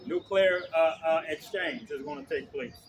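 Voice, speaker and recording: A man preaching outdoors on the street, loud and blunt, swearing and checking in with his listeners again and again. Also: on the high side, moderate pace, slight background noise. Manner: loud, blunt, profane, keeps asking "okay?".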